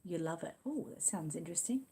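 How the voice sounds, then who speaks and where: A woman's voice: on the low side, lively intonation, fairly quick, vocal fry, mellow, breathy edge. A middle-aged Australian woman chatting casually on a livestream, rambling and cooing affectionately as she reads viewer comments. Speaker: livestream host.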